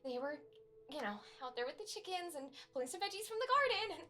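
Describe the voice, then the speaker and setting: A woman voicing a fussing middle-aged mother who chatters quickly in a tabletop game. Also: very high-pitched, sing-song, pushed and bright, voice pushed up, heavily acted.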